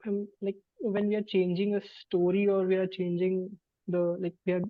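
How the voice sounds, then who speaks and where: A man from India answers a workshop question haltingly, thinking aloud. The sound is thin and boxy like a phone line, and very dry. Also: sits high, monotone, no echo. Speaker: club member answering.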